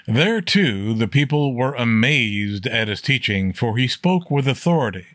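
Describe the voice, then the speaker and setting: A plainspoken man at a mid pitch teaches an informal Bible study, reading verses and then explaining them in his own words. He often pauses to check in with his listeners. The sound is close and dry, with no room around it. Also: animated, sharp tone, no echo. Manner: plainspoken, repeats "okay?" to check listeners follow; reads scripture aloud with rising emphasis.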